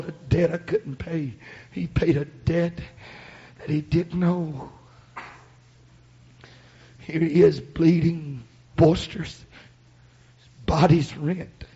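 A warm-toned man with a fairly high voice preaches slowly, with long pauses and fairly even intonation. His sermon is a dramatic story told in rhythmic chant, breathy "uh"s between phrases, with the quoted voices acted out. The recording is muffled and faintly hissy.

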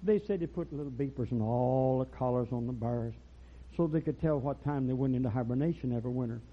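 Older preacher, husky and folksy. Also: male voice, medium pitch, fast. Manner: folksy storytelling, rising to loud preaching bursts. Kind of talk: rural revival sermon. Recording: dull lo-fi church recording.

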